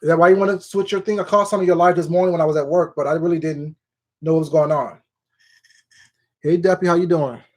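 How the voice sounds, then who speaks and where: A man's voice: fairly high pitch, steady tone, fast talker. Chatty man greeting livestream viewers. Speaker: livestream host. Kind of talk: casual livestream chat.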